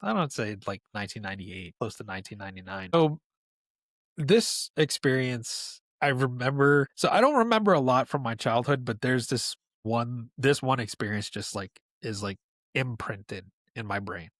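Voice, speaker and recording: Animated New man telling a story. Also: mid-range voice, normal speed, dry recording, clean studio sound. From New York, USA. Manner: animated storyteller, laughs often. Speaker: podcast guest. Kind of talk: casual storytelling.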